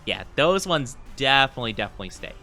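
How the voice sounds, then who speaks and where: Bright-voiced man chatting on a game stream. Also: medium pitch, very animated, fast, faint music behind. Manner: rambling and chatty, with lots of fillers. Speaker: livestreamer. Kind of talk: casual chat with viewers while playing a game.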